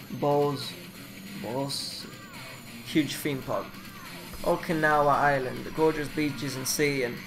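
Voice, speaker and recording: Guy mumbling thru japanese phrases at his computer, kinda high voice, faint music behind. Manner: rambling, swears, mumbles while reading aloud. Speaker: vlogger. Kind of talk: casual self-taught language study.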